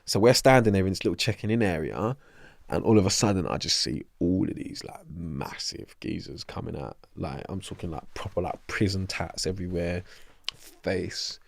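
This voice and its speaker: A young man with a London accent telling a prison story in an interview, animated and swearing freely, acting out other people's voices. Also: low voice, normal speed, gravelly, no echo. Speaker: interview guest. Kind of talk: casual storytelling.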